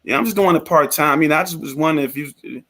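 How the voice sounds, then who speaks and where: A man doing a timid, hesitant beginner pitching. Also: pushed and bright. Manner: halting, unsure, full of fillers.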